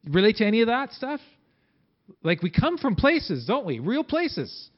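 A man preaching a sermon in a conversational way, acting out quotes with big swings in pitch and loudness. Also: wildly swooping pitch, measured pace, highs cut off. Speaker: pastor.

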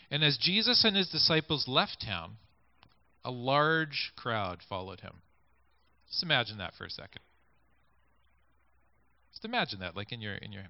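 Lively conversational male preacher. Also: medium pitch, no echo. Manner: conversational, invites listeners to picture scenes. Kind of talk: sermon with scripture reading. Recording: dull lo-fi recording.

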